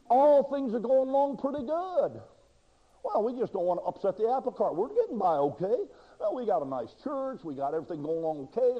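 A man preaching a sermon with dramatic delivery, acting out quoted voices and swinging between loud and hushed passages. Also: high-pitched. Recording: dull lo-fi sound in a reverberant hall.

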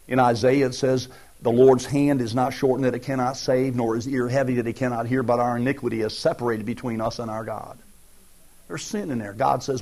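A man's voice: mid-range voice, darkish tone. A man preaching a folksy, conversational sermon and acting out everyday asides. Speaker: pastor.

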